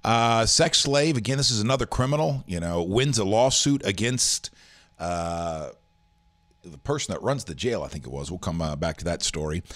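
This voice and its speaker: A man runs through the day's news in a loose, rambling chat. His pitch swings widely as he reacts to stories. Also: fairly bright tone. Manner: rambling, rough news rundown full of fillers. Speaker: host. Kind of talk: casual morning news chat show.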